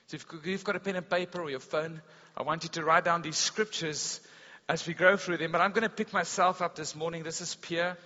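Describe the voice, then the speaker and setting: A man delivers a sermon in a big hall, his bright, fairly high voice ringing with a long echo. The sound is a bit dull and lo-fi. He tells stories with animation, going loud and then suddenly quiet. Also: fairly quick. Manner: animated storytelling preacher, swings between loud and hushed. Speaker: pastor. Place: school hall service.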